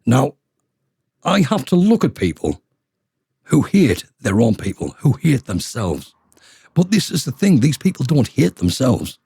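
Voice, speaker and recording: A working-class man ranting with a blunt, swearing edge. His pitch swings widely, and his voice is dark and a little husky. The sound is close and dry, with no room echo. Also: wildly swooping pitch, unhurried, pauses often. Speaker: vlogger. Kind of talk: ranting monologue.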